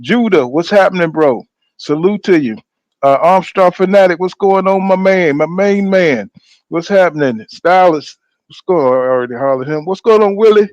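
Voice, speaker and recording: Lively man hosting a boxing stream. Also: sits high, normal speed, no room sound, muffled recording. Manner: energetic, reels off shout-outs to viewers. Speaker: boxing channel host. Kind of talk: casual live-stream chat.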